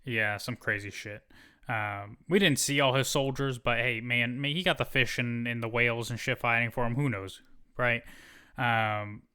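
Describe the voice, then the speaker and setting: A man's voice: mid-range voice, normal speed, clean tone. A man co-hosting a podcast, casually retelling a movie's plot with plenty of swearing. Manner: profane, animated retelling of the plot. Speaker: podcast co-host. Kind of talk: casual movie review chat.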